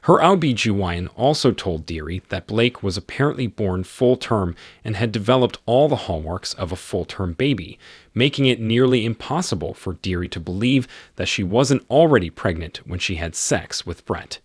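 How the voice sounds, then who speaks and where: Low, husky male narrator. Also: lively intonation, normal speed, no echo, clean studio sound. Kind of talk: scripted story narration.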